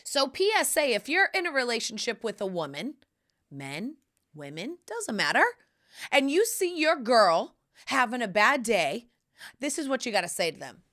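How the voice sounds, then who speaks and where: A woman hosting her own podcast in sassy, casual chat, calling listeners honey and swinging from loud bursts to whispers. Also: fairly high pitch, big pitch swings, normal speed. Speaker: podcast host.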